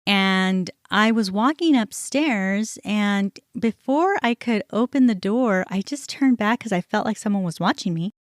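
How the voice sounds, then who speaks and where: A woman's voice: mid-range voice, no room sound, clean studio sound. A woman podcast host candidly retelling a personal workplace experience, acting out the other people's lines as she goes. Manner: candid, animated retelling with quoted dialogue. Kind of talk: personal storytelling.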